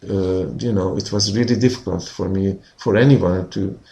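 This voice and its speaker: A man's voice: sits low, steady tone, normal speed, vocal fry, mellow. A man being interviewed as a healer, telling a personal story in an earnest way with many "you know" fillers.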